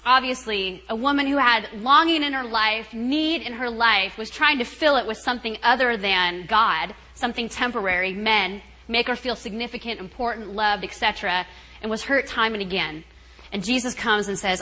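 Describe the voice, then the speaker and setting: A middle-aged woman speaks to a retreat group in a loose, chatty storytelling way. She laughs often and puts on quick voices for the people in her story. Her tone is bright and ringing. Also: on the high side, rough recording.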